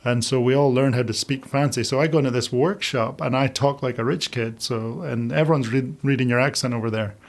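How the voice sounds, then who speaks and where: A man, a podcast guest, chatting casually and telling animated stories, acting out the voices of the people in them. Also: mid-range voice, fairly quick, creaky, few pauses. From Scotland. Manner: animated storyteller, acts out quoted voices, laughs often. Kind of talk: casual interview chat.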